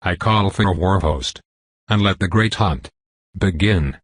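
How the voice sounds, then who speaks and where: A man's voice: low voice, unhurried, husky. A man voicing a commanding werewolf pack leader in a fantasy audiobook, giving a rousing, declaiming speech.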